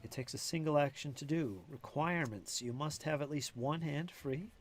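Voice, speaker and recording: A man narrating and explaining rules as game master in a live-play tabletop game, casual and steady. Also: fairly high pitch, normal speed.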